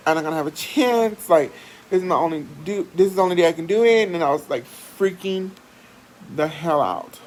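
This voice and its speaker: A woman vlogger, telling a personal story in a chatty, animated way and swearing freely. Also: on the low side, brisk, a little hiss or hum, poor audio. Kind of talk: casual storytelling.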